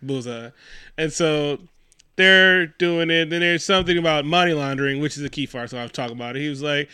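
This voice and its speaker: Bright, laughing man riffing on a movie. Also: fairly high pitch, brisk, clean tone, no echo, clean studio sound. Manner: rambling, laughing, profane, acts out characters. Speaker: podcast co-host. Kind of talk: casual movie review chat.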